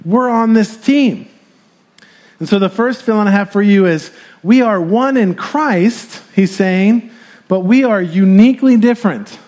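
A man in his thirties giving a sermon, explaining scripture in a relaxed, conversational way with fillers. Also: sits high, moderate pace. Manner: light chuckles and filler sounds. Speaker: pastor.

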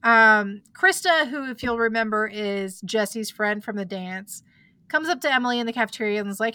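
A woman's voice: a little high, expressive, moderate pace, pushed and bright, clean tone, no echo. A woman hosting a podcast, retelling a story in a chatty casual way, full of likes and asides. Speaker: podcast host.

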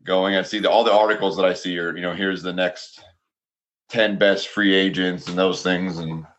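Low voiced guy rambling on a sports podcast, lots of uh and like. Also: steady tone, normal speed, fairly bright tone, highs cut off, slight background noise. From United States. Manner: rambling, lots of fillers, joking. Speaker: podcast co-host. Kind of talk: casual chat.

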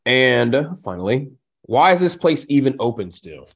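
A man's voice: mid-range voice, sing-song, normal speed, fairly bright tone. A man co-hosting a podcast, giving dry, matter-of-fact verdicts in a casual movie chat. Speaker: podcast co-host.

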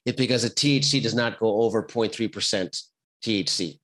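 A man's voice: on the low side, fairly quick, fairly bright tone, rough recording. A man who works as a firefighter, a podcast guest telling his stories earnestly and acting out the voices of people he quotes. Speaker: podcast guest, firefighter and recovery center founder. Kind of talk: casual interview storytelling.

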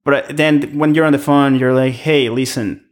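A man's voice: fairly high pitch, flat delivery, normal speed, clear, resonant tone. A man chatting casually, telling stories about restaurant work in a rambling way. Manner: rambling storyteller. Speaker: restaurant worker, podcast guest. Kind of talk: casual chat.

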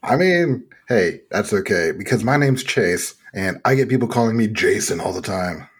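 A man from Texas hosting a casual gaming podcast, laughing often and making animated asides. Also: on the low side, normal speed, breathy edge. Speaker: podcast host.

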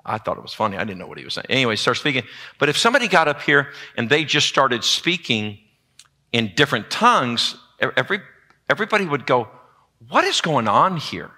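A man preaching a sermon in a church, with a lively call-and-response delivery. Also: medium pitch, fast. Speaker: pastor. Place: church sanctuary.

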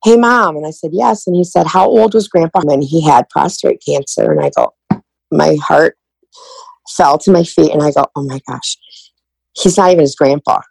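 A woman's voice: deep voice, sing-song, moderate pace, gravelly, a little mellow, husky, no room sound, rough recording. A middle-aged woman as a podcast guest, telling a personal story with candid emotion and often acting out past conversations.

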